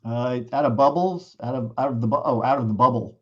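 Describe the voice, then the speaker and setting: Man, co-host, casual wry chat, middle pitch, dull lo-fi remote audio. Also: a little fast, slightly rough.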